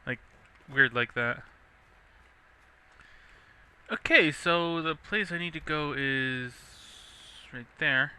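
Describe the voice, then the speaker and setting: A young man casually rambling through gameplay commentary, chatty and quick to laugh. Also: fairly high pitch, pushed and bright, clear, resonant tone. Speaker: let's play host.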